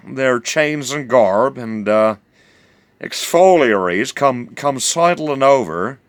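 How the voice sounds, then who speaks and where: A man's voice: mid-range voice, expressive, takes it slowly, no room sound. A man with a New Zealand accent telling a rambling, drawling yarn full of fillers and self-corrections. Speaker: storyteller.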